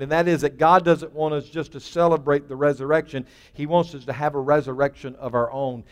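Emphatic preacher man with a reverberant sound. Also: mid-range voice. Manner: emphatic, with rising bursts and dropping to a near hush. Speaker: pastor. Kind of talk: sermon.

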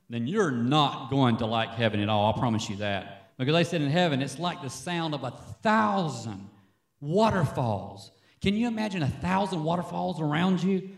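A man preaching a sermon as pastor from a church stage, an animated, joking storyteller. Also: a little high, creaky, roomy sound.

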